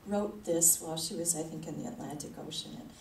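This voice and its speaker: A woman's voice: deep voice, a little fast, darkish tone. A woman spiritual leader giving a conversational sermon, chuckling often as she talks. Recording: echoey hall, mic at a distance, faint noise.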